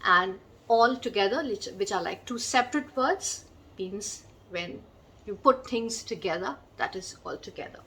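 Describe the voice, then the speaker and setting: A woman's voice: medium pitch, expressive, fairly bright tone, rough recording. A woman teaching a vocabulary lesson, spelling out words letter by letter and giving examples. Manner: explains slowly, spells out letters, gives examples. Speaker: English teacher.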